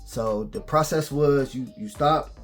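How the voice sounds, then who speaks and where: Animated man telling a story. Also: medium pitch, a little slow, soft background music. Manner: animated, exasperated retelling. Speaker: vlogger. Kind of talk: casual storytelling.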